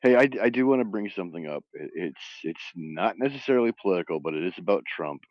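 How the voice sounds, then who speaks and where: Animated man telling stories over a dull, dry mic. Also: deep voice, fast, no echo. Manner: animated storytelling with mocking impressions and frequent laughter. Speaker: stream host. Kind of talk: casual chat.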